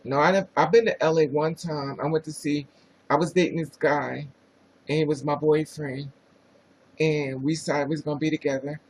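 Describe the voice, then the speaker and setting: A man's voice: on the high side, fairly even intonation, moderate pace, slightly rough, poor audio. A man with a New Jersey accent hosting a casual livestream, chatting sassily and greeting viewers by name. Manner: sassy, chatty, reads viewer names aloud. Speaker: livestream host.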